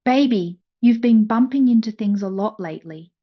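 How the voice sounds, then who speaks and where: A woman voicing a doting husband who teases and reassures in a soft, affectionate way. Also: high voice, moderate pace, lo-fi sound. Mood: coaxing.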